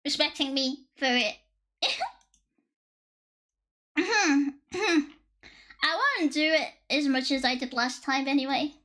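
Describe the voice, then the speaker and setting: Woman streamer, very high and bright voice, sarcastic and joking with chat, curses often, slightly worn voice. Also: takes it slowly, pauses often. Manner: joking, sarcastic, swearing freely. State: voice slightly worn from past strain. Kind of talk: casual chat with live viewers.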